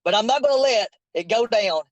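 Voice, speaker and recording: A man's voice: sits high, animated, brisk, no echo, lo-fi sound. A man in a heated confrontation, insistent and preachy, repeating his questions over and over.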